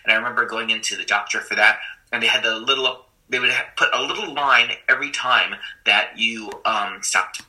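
Self-deprecating man with a bright voice. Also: lowish voice, a little fast, rough recording. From Puerto Rican and Haitian family. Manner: conversational and self-deprecating, many fillers. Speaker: school teacher. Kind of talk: personal storytelling, testimony.

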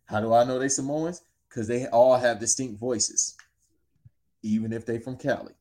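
Chatting easily at a moderate pace, a man tells a story packed with slang and lively asides. His delivery is loose and laid-back, and his voice sits in an ordinary middle range.

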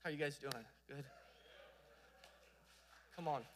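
A young man preaching a sermon with passion, swinging between loud exhortation and hushed storytelling. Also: a little high, measured pace.

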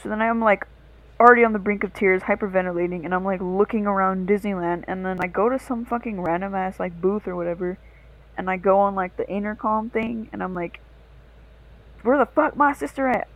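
A woman's voice: mid-range voice, fairly quick, poor audio. Profane young woman telling a story. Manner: profane, rambling, animated. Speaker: podcast co-host. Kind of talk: casual storytelling on a podcast.

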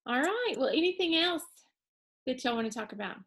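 A woman's voice: high-pitched, sing-song, brisk, fairly bright tone. A woman co-hosting a podcast, upbeat and affirming in casual chat. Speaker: podcast co-host.

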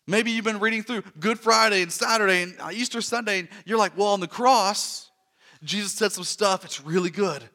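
A man delivers a sermon in a high, bright voice. He is earnest, sinking into soft, hushed stretches before building to loud, emphatic repetition. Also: normal speed. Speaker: pastor.

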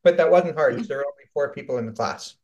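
Measured Canadian man co-host, echoey room. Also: mid-range voice, a little mellow, lo-fi sound. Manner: measured, hesitant with ums. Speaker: podcast co-host. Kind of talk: casual chat while baking.

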